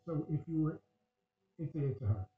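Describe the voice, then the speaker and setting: A man with a fairly high, very animated voice teaches a Torah class, firing questions at his listeners. He is heard through a tinny, phone-like recording full of room echo, with faint music behind. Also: a little fast. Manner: questioning, acts out dialogue, laughs often. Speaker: religious teacher.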